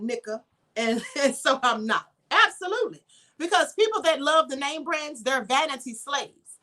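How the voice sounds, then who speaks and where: A woman's voice: high voice, sharp tone. A middle-aged woman, giving casual spiritual commentary and reading viewer comments in an emphatic, chatty way. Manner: emphatic and chatty, addresses viewers with "honey" and "okay?". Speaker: host of a livestream channel.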